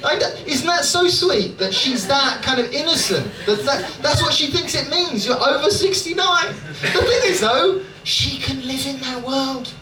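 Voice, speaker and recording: A man's voice: extremely high pitch, lively intonation, measured pace, hardly any pauses, far from the mic. A British man from Dorset doing stand-up crowd work, chatty and self-mocking, often checking in with the crowd. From Dorset, England. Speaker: stand-up comedian. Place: comedy club stage. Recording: echoey club audio from afar, noisy. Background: audience laughter and room noise.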